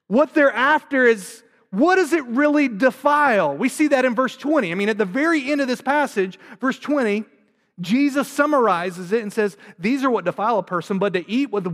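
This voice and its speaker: A man's voice: very high voice, a bit bright, long reverb tail. A man in his thirties preaching a sermon, earnest and asking rhetorical questions. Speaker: pastor.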